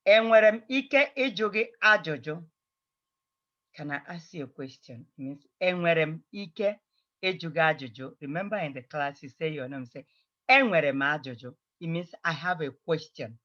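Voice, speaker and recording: Bright-voiced woman teaching a language lesson. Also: deep voice, normal speed. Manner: drills phrases, repeating each several times. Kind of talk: slow, repetitive language lesson. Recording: slightly dull, lo-fi recording.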